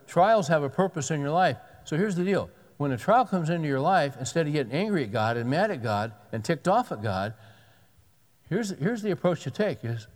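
A man's voice: medium pitch, a little mellow. Man preaching in a reverberant hall. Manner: conversational preaching with emphatic repetitions. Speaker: pastor. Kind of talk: sermon.

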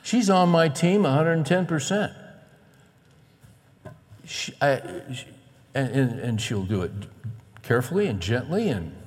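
A middle-aged man preaches from the pulpit of a large church hall, his voice trailing off in a long reverb. His pitch sits at an average level for a man. He delivers the sermon with animated energy and acts out the voices of the people he quotes. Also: unhurried, pauses often. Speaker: pastor.

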